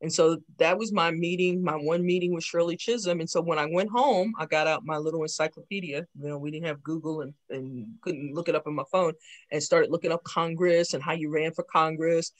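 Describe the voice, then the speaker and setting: A woman in her sixties from New York City, giving a lively talk about her life and acting out remembered conversations. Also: low voice, brisk. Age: 60s. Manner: lively storyteller who acts out remembered dialogue. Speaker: invited speaker, town council member. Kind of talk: personal storytelling talk.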